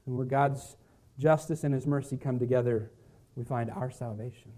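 A male pastor preaching a sermon, swinging from loud emphasis to hushed, quiet lines. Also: mid-range voice, fairly even intonation, normal speed.

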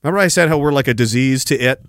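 A man's voice: medium pitch, racing, a bit bright, clean tone, no echo, clean studio sound. A man, hosting a podcast in a profane, sarcastic ranting monologue. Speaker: podcast host.

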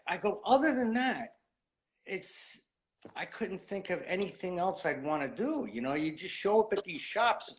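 A man in his late fifties with a somewhat high voice tells long, meandering stories from his working life. He peppers everything with "you know" and acts out the old conversations. The tone is an easy interview chat. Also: moderate pace. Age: 50s. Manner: rambling, animated anecdotes full of "you know". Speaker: guest, cigar industry veteran. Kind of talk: casual storytelling interview.

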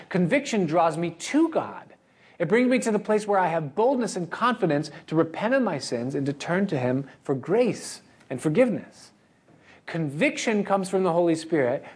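A man's voice: on the high side, slightly rough. A male pastor delivering an earnest, expository sermon and addressing the congregation directly. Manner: earnest, expository, acts out the congregation's inner voices.

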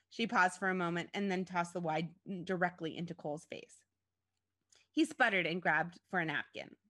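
A woman narrating an interactive story in a playful, expressive way. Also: on the low side, normal speed.

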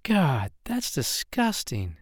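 A man plays a jumpy young woman, her voice pitched well up and squeaky with disgust and exasperation. Her protests come out sharp and strained. The sound is dry and close, with no room around it. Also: very animated, a little slow, no room sound. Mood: exasperated.

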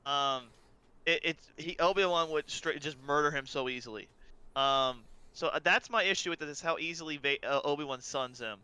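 Brief: male co-host, smooth and very bright voice, halting but stubborn. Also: fairly high pitch. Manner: hesitant, restarts often, stubborn. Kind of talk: casual debate.

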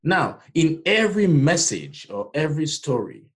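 A Nigerian man with a Nigerian accent hosts a motivational podcast, speaking at a normal speed in a fairly high voice whose pitch swoops wildly. He delivers emphatic encouragement in the manner of a preacher.

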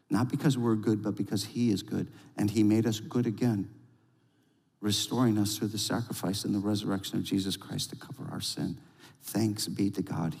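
A male pastor delivering a sermon, telling a lively story and then leading a quiet prayer. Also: lowish voice. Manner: storytelling with rising excitement, then hushed prayer. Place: church sanctuary. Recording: long reverb of a large hall.

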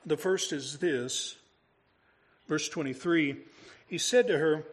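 A man's voice: on the high side, normal speed. A male pastor preaching a sermon, talking through the story in a conversational way and asking his congregation rhetorical questions.

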